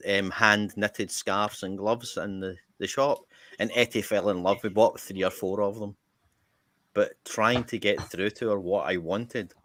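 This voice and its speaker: A man's voice: lowish voice, no room sound. Broad Scottish man telling a story. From Scotland. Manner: animated, swears freely, jumps into quoted voices. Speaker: podcast co-host. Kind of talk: casual anecdote telling.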